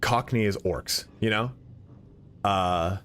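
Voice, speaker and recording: A young man chats through a game stream, sounding sleepy and rambling, peppered with "like" and swearing. His voice sits fairly low, with a faint hum of background noise. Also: slow pace, a bit bright. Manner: rambling, profane, heavy use of "like". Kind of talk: casual live-stream chat while gaming.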